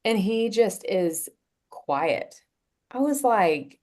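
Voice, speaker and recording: A woman guest on a podcast, telling a personal story in a casual, earnest way, pausing often with fillers and restarts. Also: mid-range voice, big pitch swings, a little mellow. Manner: halting, with frequent "um" and restarts.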